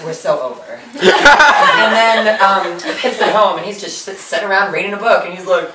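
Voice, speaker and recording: A man at a cast party telling a play's story to friends, giggling and quoting lines in quick bursts. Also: sits high. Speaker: cast member retelling a play. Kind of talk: comic retelling to friends. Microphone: camera or phone held away. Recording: distant echoey room with loud noise.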